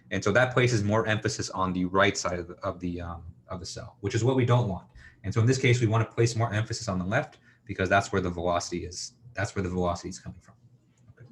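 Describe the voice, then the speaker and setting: A man's voice: on the low side, slight background noise. A man giving a university engineering lecture, thinking aloud with lots of fillers and checking in with students.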